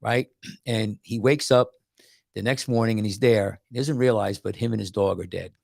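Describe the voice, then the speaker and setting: A man's voice: fairly low pitch, moderate pace, vocal fry. A man hosting a casual podcast as a doctor, rambling and restarting his words as he talks. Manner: tells stories with animated quoted voices.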